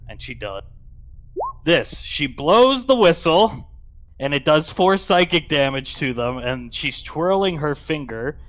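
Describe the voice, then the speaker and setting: A man narrating as game master, telling the scene with lively sound effects. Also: medium pitch.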